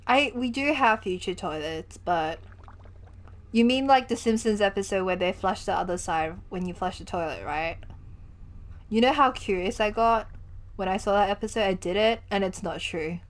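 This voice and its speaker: While streaming a game, a young woman talks casually in a mid-range voice at normal speed. Her chat is giggly and lively, full of animated storytelling.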